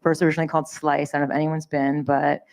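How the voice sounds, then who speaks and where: A woman's voice: sits low, level tone, very fast, darkish tone. A woman from Canada speaking on a conference panel, bubbly and rambling, laughing often. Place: conference stage.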